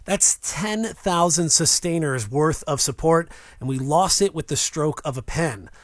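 A male radio host making an earnest, steady pledge drive appeal. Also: a little high, measured pace, no room sound, studio quality. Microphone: studio mic.

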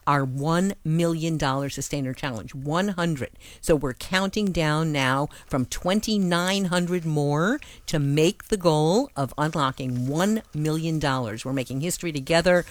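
A woman's voice: low-pitched, dry recording. Upbeat woman on a pledge drive. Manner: upbeat, persuasive, chatty. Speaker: radio host. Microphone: studio mic.

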